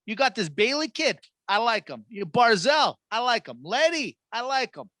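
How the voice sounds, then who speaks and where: Man impersonating a brash old hockey boss, high voice, punchy, dry close sound. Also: sing-song, normal speed, sharp tone, no echo, heavily acted. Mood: wheeling-dealing. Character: brash older male hockey executive recruiting players.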